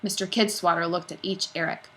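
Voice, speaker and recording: Expressive woman reading a children's storybook. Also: lowish voice, a little fast. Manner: expressive, with character voices. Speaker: reader. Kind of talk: storybook read-aloud.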